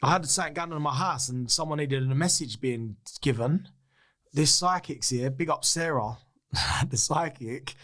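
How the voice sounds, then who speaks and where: A man, a podcast guest telling a personal story in a casual, candid way, swearing freely and acting out what others said. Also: fairly high pitch. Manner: swears freely, acts out other people's lines; animated, excitable retelling.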